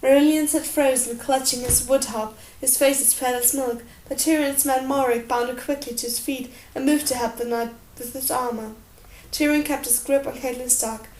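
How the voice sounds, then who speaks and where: A woman narrating an audiobook in a steady, expressive storytelling manner. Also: high-pitched, moderate pace, slight background noise. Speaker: audiobook reader. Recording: roomy echo.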